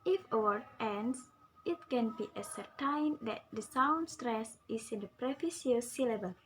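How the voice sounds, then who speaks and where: A woman's voice: on the high side, lively intonation, measured pace, a bit bright, a little hiss or hum. A young woman with an Indonesian accent reads a pronunciation lesson aloud, carefully drilling words for listeners to repeat. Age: young adult. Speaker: student presenter. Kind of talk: reading an English pronunciation lesson.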